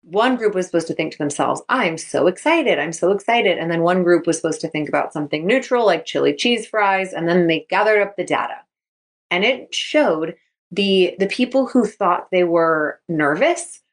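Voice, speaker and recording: A woman in her thirties, a sports mindset coach hosting her podcast, talking casually and upbeat, acting out quotes as she goes. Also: on the low side. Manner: upbeat, chatty, acts out quotes. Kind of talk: casual solo podcast talk.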